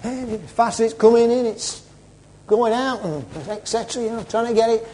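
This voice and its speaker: A male preacher retelling a story in a sermon, dramatic, swinging between loud and hushed. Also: very high voice, steady tone, moderate pace, slight background noise.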